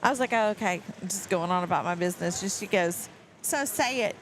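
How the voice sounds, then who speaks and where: A woman's voice: lowish voice, fast talker, slight background noise, low-quality recording. A middle-aged woman from Texas with a Texas accent, co-hosting a live stream at an archery event, chatting and telling stories with frequent laughs. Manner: animated storyteller, laughs often. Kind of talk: casual chat and commentary. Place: at an archery competition venue.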